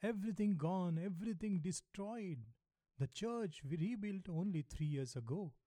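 A man doing a shaken curate whose voice climbs high and thin as he wails and complains in despair. He sounds close and dry, with a mellow tone under the panic. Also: lively intonation, normal speed, no echo. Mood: panicked. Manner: plaintive, complaining, wailing. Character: frightened, unhinged middle-aged male curate.

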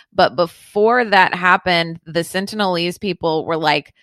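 A woman's voice: on the low side, fairly bright tone, no echo. A woman hosting a podcast, casually telling a story in a profane, rambling way with lots of fillers. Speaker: podcast host.

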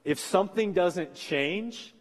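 A pastor in his forties preaches to his congregation, his fairly high voice carrying through a large, reverberant sanctuary. He talks earnestly and encouragingly, repeating his main lines for emphasis. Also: takes it slowly. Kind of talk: sermon. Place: church sanctuary.

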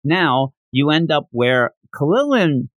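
Slow and a little high, his voice is recorded without echo. This male manga-review podcaster animatedly summarizes a comic chapter with giggles, voicing the dialogue himself.

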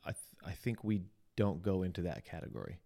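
Lowish-voiced playful male podcast host. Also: animated, fairly quick, vocal fry, dark tone. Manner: playful, jokey, trails off into restarts. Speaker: lead pastor and podcast host. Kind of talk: casual podcast chat with scripted intro.

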